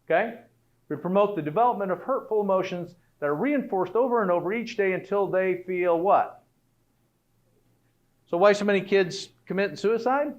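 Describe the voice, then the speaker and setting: A man's voice: sits high, moderate pace, dull audio. A middle-aged man giving a conversational health talk to an audience, often tossing out rhetorical questions. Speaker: health speaker.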